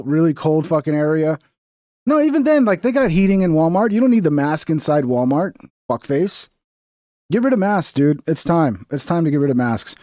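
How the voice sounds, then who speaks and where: A man in his thirties with a slightly high voice, riffing through reaction commentary with sarcasm and plenty of swearing. He talks in a rambling, casual way, and the recording is dry and close. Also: dark tone, no echo. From Texas.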